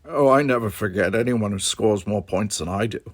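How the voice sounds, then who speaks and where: A man voicing an earnest young man with a lifted, crisp way of speaking. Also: lowish voice, moderate pace, dry recording, clean studio sound, lightly acted. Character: earnest young man, eager cadet hopeful.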